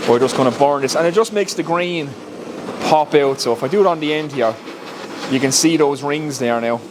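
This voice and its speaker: In his home workshop, an Irish-accented man who makes woodworking YouTube videos casually narrates a build one step at a time, laughing at himself now and then. His voice is medium-pitched, with background noise present.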